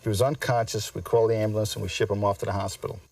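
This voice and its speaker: A man's voice: lowish voice, little pitch movement, very fast, creaky, a little mellow, no echo, far from the mic, rough recording. A man, a police officer, recounting an incident in a matter-of-fact way. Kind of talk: interview anecdote.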